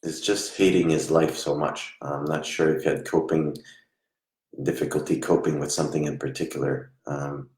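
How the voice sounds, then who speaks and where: A man working as a psychic medium during a live reading, talking in a soft, halting way and murmuring reassurances. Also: rumbling low, fairly even intonation, roomy sound.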